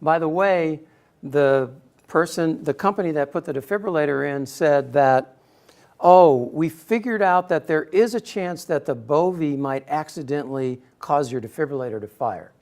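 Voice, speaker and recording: A middle-aged man telling a personal story in a speech to an audience, acting out quotes with sudden loud bursts. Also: a little high, normal speed. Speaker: speaker giving a personal talk.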